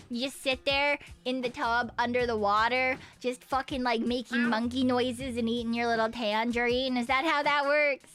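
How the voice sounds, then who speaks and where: A VTuber streamer chats casually while reading viewer messages, rambling, giggling a lot, and swearing freely. Her voice is a little high and somewhat bright.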